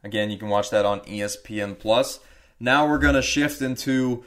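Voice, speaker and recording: A man's voice: medium pitch, moderate pace, crowd noise. A man hosting a podcast, asking plain questions in an easygoing, casual interview style. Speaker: podcast host.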